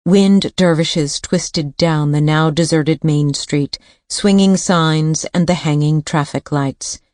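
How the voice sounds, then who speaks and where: A woman narrating a thriller audiobook in a measured, suspenseful reading. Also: deep voice, darkish tone, no echo, clean studio sound.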